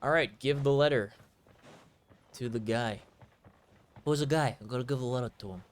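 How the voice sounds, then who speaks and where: A man's voice: medium pitch, noisy background. A man streaming a video game, commenting casually with joking, profane asides. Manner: joking, profane, slow and drawn out.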